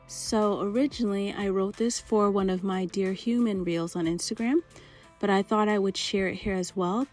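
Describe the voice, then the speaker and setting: A woman speaks straight to her viewers in a loose, conversational vlog style, peppering her sentences with "like" and the odd laugh at herself. Her voice sits at an ordinary middle pitch for a woman. Soft music plays faintly underneath. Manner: chatty, heavy use of "like", light self-laughing. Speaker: motivational vlogger. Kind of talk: casual talk to camera.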